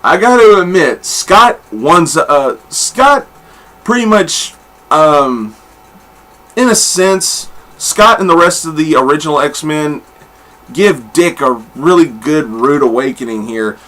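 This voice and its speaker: A man's voice: a little high, animated, slow pace, fairly bright tone. A man reviewing comic books in a casual, rambling monologue, blunt and swearing freely. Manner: rambling with many fillers and restarts.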